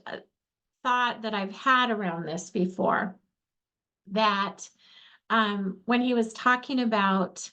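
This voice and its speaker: A middle-aged woman with a fairly high voice leads an online faith-based workshop. She is chatty and earnest. She keeps checking in with her listeners through a video-call mic. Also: a bit bright. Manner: chatty and earnest, asks the audience questions. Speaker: workshop host and coach.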